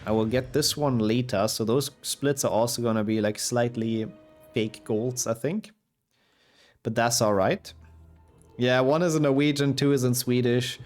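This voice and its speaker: A young man with a sick voice talks casually through his speedrun, answering his chat as he plays. His voice sits at an ordinary middle pitch. Faint game music plays under his voice. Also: steady tone, a little slow, darkish tone. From Germany. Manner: chatty, reads and answers chat while playing. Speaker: speedrunner streamer. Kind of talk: casual stream commentary.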